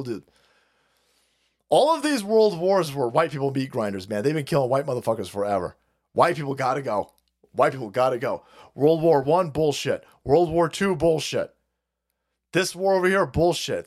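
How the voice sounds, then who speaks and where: A male stream host rants in a profane, repetitive rush, breaking into laughter at his own lines. His voice sits a bit high and swings widely in pitch. He sounds animated throughout. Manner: swearing, ranting, repeating phrases, laughing to himself. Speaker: livestream host. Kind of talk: profane political rant.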